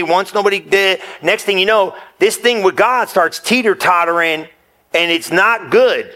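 A man preaching a sermon as a pastor, animated and casual, with slang and direct appeals to his listeners. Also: high-pitched. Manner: animated, casual slang, talks straight to the crowd.

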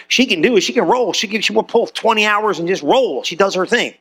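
A man's voice: high-pitched, a little fast, bright, forceful tone, soft background music. A man preaching a sermon as pastor, talking casually to his congregation and acting out quotes in different voices.

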